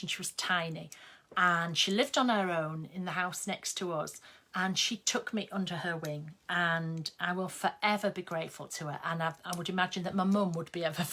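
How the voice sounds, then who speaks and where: A woman's voice: lowish voice, fairly bright tone. An older woman, chatting casually and rambling while she sews on a live stream. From England. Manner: chatty, rambling, with many ums. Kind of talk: casual chat while sewing.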